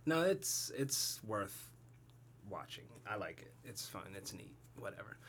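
A man's voice: on the low side, very animated, unhurried, very noisy. A man chatting on a podcast, laid-back, with short replies. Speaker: podcast co-host. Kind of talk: casual chat.

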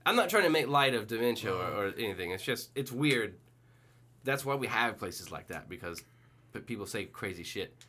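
A young man telling a story in casual podcast chat, animated, acting out the people in it. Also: normal speed. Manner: animated storyteller, mimics people in high voices. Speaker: podcast co-host.

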